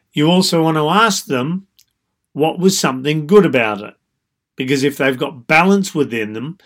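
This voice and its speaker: A man who works as a dating coach, giving calm, explanatory advice in a monologue with frequent "so" and "you know". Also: mid-range voice.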